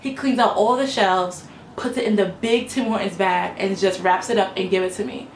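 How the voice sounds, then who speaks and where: A young woman chats through a story time straight to her camera, filling her sentences with "like" and "you know". Her voice sits at an ordinary pitch for a woman. The room is echoey, with a faint hum behind her. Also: moderate pace. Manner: animated, lots of "like" and "you know". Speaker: vlogger telling a story time. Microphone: camera mic.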